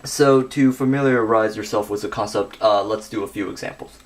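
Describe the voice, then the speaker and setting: A young man giving a scripted grammar lesson, working through verb endings slowly and methodically. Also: lowish voice, fairly even intonation. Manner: methodical, reads conjugations slowly with pauses.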